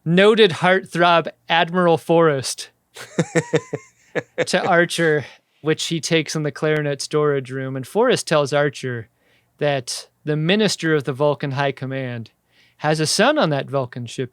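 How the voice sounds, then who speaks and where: Man with a smooth, clear voice. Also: fairly high pitch, expressive, measured pace, no room sound, clean studio sound. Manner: crude, joking, acts out quotes. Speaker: podcast co-host. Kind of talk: casual comedic chat.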